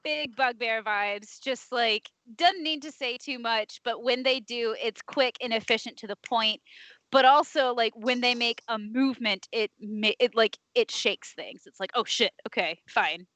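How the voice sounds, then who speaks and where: A woman's voice: a little high, unhurried, fairly bright tone, dry recording, rough recording. A woman in casual voice chat with friends, gushing and swearing freely, laughing often. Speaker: tabletop game player.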